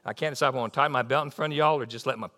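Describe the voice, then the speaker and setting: Rapid-fire and mid-range in pitch, a middle-aged preacher delivers his sermon as folksy, animated storytelling. It builds repeatedly into excited bursts.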